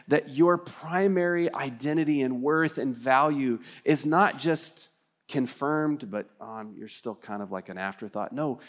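Earnest man preaching a sermon. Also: on the high side. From Texas. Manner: earnest, conversational preaching with rhetorical questions. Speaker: pastor. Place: church, livestream service.

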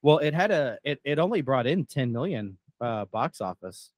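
A man's voice: medium pitch, very animated, normal speed, no room sound. Casual man retelling movie scenes. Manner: laughs often, retells scenes with quoted lines. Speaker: podcast co-host.

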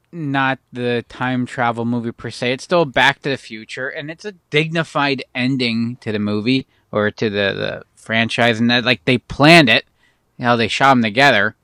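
A man chatting on a podcast in a halting way, often repeating words while he works out his point. His voice is bright and smooth, with a resonant clarity. The recording is dry and close. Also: mid-range voice, expressive, no room sound. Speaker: podcast co-host. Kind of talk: casual chat.

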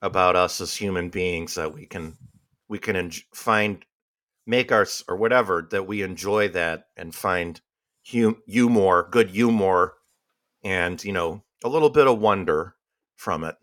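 Low-voiced and a little slow, this male podcast co-host chats casually, wandering through his thoughts with frequent restarts and fillers. His tone is fairly bright, and the dry recording has studio quality.

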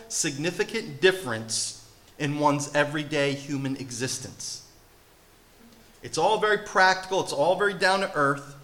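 Bright-voiced pastor preaching. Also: male voice, on the high side, moderate pace. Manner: emphatic preaching with rhetorical questions. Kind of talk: sermon.

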